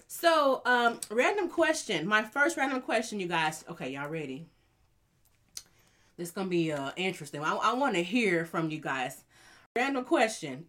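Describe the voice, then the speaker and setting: A woman hosting a casual podcast from her home studio, chatty and lively, calling listeners honey and y'all. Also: fairly high pitch. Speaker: podcast host.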